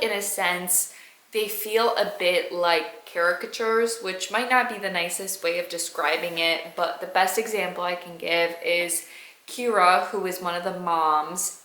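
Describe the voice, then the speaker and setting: A woman's voice: medium pitch, bright, forceful tone, echoey room, low-quality recording. A woman in her twenties talking casually in a reading vlog, frank and exasperated, swearing freely as she gives her opinions. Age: 20s. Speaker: book vlogger.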